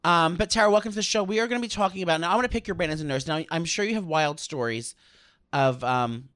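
Fast-talking man on a crude podcast. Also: on the high side, a bit bright, dry recording, studio quality. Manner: fast, rambling, crude, joking. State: hungover. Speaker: podcast co-host. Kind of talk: crude comedic podcast banter. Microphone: studio microphone.

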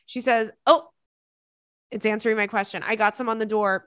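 A woman's voice: on the high side, steady tone, moderate pace, pauses often, a bit bright, clear, resonant tone, no echo, studio quality. A woman hosting a podcast, reading a listener's story aloud and reacting with laughter and dramatic asides. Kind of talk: casual chat.

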